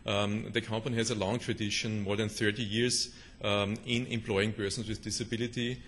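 German-accented man, flat low voice. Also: moderate pace, a little hiss or hum. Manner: hesitant, many fillers and restarts. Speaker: conference speaker. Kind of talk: conference presentation.

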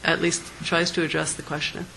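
Woman artist at a panel, gravelly bright tone, faint noise behind, reflective and halting. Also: sits low, little pitch movement, rough recording. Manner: thoughtful, hesitant, laughs lightly. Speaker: artist presenting her work. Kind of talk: panel discussion answer.

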